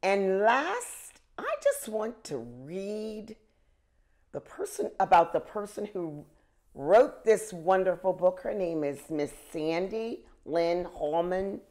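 Slow, expressive woman reading aloud. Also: medium pitch. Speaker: reader. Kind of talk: children's book read-aloud.

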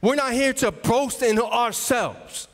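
A man's voice: very high-pitched, slow, a bit bright. A man, an associate pastor, preaching a sermon with impassioned, pleading fervor. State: emotional, voice dropping low. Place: church sanctuary. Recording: long reverb of a church hall.

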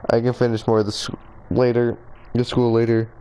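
A man's voice: mid-range voice, level tone, moderate pace, warm tone, a little hiss or hum, poor audio. A man streaming a game live, chatting in a rambling, self-deprecating way to a few viewers.

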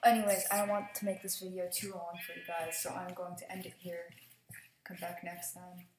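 Excitable young woman narrating her gameplay. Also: fairly low pitch, fairly quick, echoey room, slight background noise, low-quality recording. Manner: excitable, yelps and laughs at danger. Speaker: gaming channel host. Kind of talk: casual let's-play commentary.

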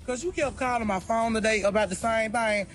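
A man with a high voice argues his side on a livestream mock courtroom show. He is defensive and insistent, and he keeps circling back to the same points. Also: a little fast, a bit bright, faint music behind. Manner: insistent, defensive, repeating himself. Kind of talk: heated livestream argument.

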